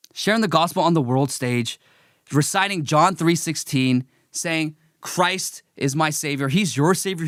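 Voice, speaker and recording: Male live-stream host, fiery and preachy, high bright voice, dry close sound. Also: no room sound. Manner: heated, emphatic, preachy, mocking. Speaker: political commentary host. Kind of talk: opinionated live-stream commentary.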